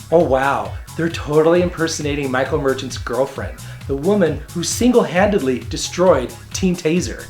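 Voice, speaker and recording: Man, comedy show host, catty and campy, lively swooping pitch. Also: normal speed, soft background music. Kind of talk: comedic video commentary.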